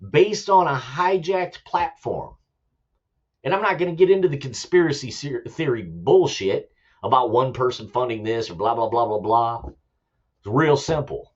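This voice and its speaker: A man's voice: a little high, breathy edge, dull audio. A man hosting his own show, ranting about politics in an impassioned, repetitive way and swearing for emphasis. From United States. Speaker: show host, army veteran.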